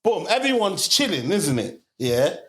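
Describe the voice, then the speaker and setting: A man's voice: high-pitched, big pitch swings, measured pace, a bit bright. A young man, a podcast co-host telling a story in casual chat, full of slang fillers and bursts of laughter. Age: young adult.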